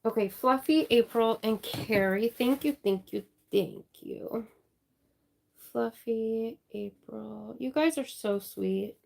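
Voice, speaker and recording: Slow-talking woman with a gravelly voice. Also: fairly high pitch. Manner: warm, chatty, apologetic, reading out names slowly. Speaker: crafting livestream host. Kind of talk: casual livestream chat thanking viewers.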